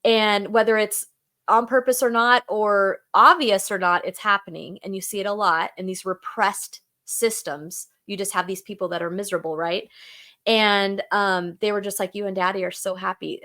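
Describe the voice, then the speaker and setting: A middle-aged woman speaks with earnest candor in a relaxed, conversational way. Her voice sits at a middle pitch, and her talk is loose, dotted with "like" and "you know". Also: normal speed. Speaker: podcast co-host sharing her story. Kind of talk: heartfelt casual chat.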